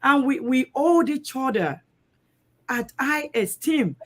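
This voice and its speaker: Woman telling her own story, emotional and heartfelt, a bit high voice. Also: lively intonation, slow. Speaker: guest speaker. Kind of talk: personal testimony.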